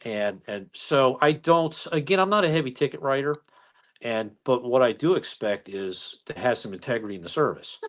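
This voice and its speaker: A middle-aged American man, a police chief, telling work stories in a folksy, animated way during an interview. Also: medium pitch, moderate pace. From United States. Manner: folksy, animated retelling with acted-out quotes. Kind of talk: conversational storytelling interview.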